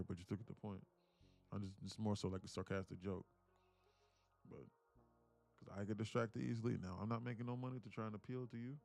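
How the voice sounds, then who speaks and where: Gravelly-voiced man, blunt live stream talk. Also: lowish voice, darkish tone. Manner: blunt, rambling, laughs a lot. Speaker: day trader streamer.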